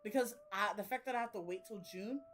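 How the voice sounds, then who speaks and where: A woman's voice: medium pitch, fast talker, slight background noise. A young woman chatting casually about her reading. She rambles, uses slang and laughs often. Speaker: reading vlogger. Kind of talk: casual chat.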